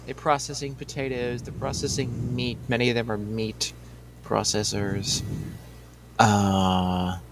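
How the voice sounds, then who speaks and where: A man co-hosting a casual podcast chat, listing things off in an animated, loose way. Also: mid-range voice, slow, very noisy. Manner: animated, piling up examples in loose lists.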